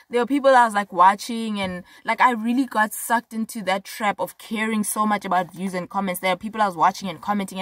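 A woman's voice: mid-range voice, fairly bright tone, no echo. A young South African woman vlogging, talking frankly and chattily to her viewers with lots of fillers and emphatic repeats. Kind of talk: casual talk to camera.

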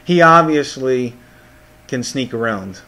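A man's voice: medium pitch, lively intonation, slow pace, sharp tone. A man narrating as game master of a tabletop game, often repeating words as he goes.

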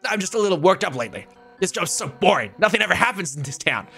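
A young man voicing a loud, bored, tough fish-woman police officer. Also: high-pitched, sing-song, fast, gravelly, soft background music, heavily acted. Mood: brash.

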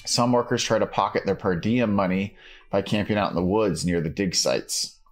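Man putting on a gruff Scottish villager. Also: on the low side, moderate pace, faint music behind, natural voice. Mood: grumbling. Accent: put-on Scottish. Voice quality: rough, overdone amateur Scottish accent. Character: gruff male villager with a put-on Scottish brogue. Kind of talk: voicing game dialogue during a let's play.

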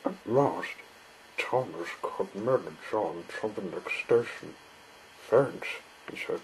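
A man reading a children's story aloud in a slow, plain way. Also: lowish voice, animated, slight background noise, poor audio.

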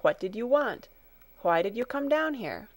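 Figure: stern startled gentleman voiced by a woman. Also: a little high, big pitch swings, normal speed. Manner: brusque questioning.

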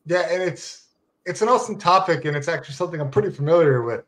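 A man hosts a podcast in a relaxed, conversational tone. His voice sits a little high for a man. He wanders into friendly asides while steering the talk. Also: fast talker. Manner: conversational, chatty, rambling asides. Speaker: podcast host. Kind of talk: casual interview chat.

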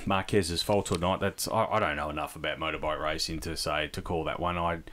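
A man's voice: very deep voice, steady tone, a little fast, fairly bright tone. An Australian man co-hosting a motorsport podcast, easygoing and hesitant, with many ums in casual chat. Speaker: podcast co-host.

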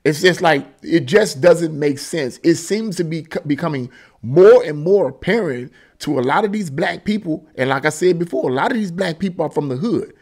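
A man's voice: fairly high pitch, expressive, moderate pace, darkish tone. Man giving casual, emphatic news commentary. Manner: conversational and emphatic, often repeats himself. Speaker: political commentary host.

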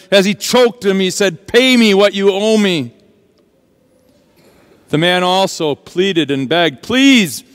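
A pastor preaches in an earnest, dramatic way, his voice high and smooth. He takes his time, stressing words slowly. The sound carries the long reverb of a church sanctuary. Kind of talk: sermon.

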